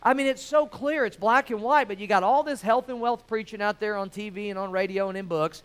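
A man preaches a sermon in a high, smooth and resonant voice. He is emphatic but conversational and keeps asking his listeners rhetorical questions. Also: a little fast.

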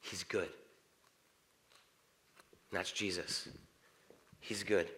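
A man preaching a sermon, animated, swinging from loud exclamations to soft, quiet passages. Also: sits low, drawn-out words.

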